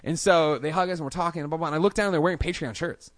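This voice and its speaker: A man's voice: fairly high pitch, racing, no echo. A man as a podcast guest, telling stories casually in a studio and acting out quoted lines in a raised voice. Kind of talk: casual storytelling interview.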